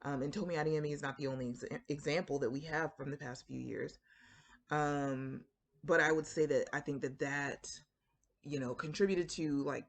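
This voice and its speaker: A woman's voice: sits low, fairly even intonation, moderate pace. Chatty woman with a Floridian accent. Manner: chatty and rambling, many fillers and asides. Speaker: writing vlogger. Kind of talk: casual talk to camera.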